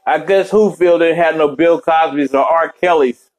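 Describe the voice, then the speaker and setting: A man's voice: a little high, normal speed. Profane rambling man riffing casually. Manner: loose, profane, rambling, slangy. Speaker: podcast host reacting to a movie.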